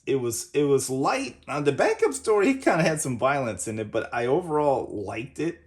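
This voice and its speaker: A man hosting a casual comic book review, rambling and leaning on "basically" as he retells the story. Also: medium pitch. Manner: rambling, says "basically" often.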